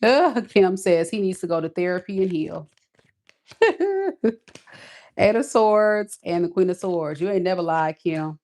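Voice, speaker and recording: A woman's voice: fairly low pitch, normal speed, hardly any pauses, darkish tone. A woman giving a casual tarot reading, talking in a blunt, sassy, emphatic way. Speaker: tarot reader.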